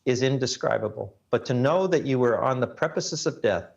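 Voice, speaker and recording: A man being interviewed as a guest, earnestly recounting a personal ordeal and letting his voice sink low at the grim parts. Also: animated, fairly quick, vocal fry, lo-fi sound. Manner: earnest storytelling, voice drops low at grim moments. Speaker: guest, reporter.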